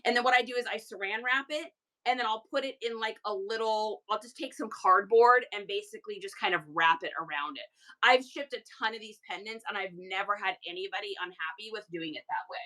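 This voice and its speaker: A woman hosting a reseller livestream, chatty and animated with rambling asides. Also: medium pitch, brisk. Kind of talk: casual livestream chat.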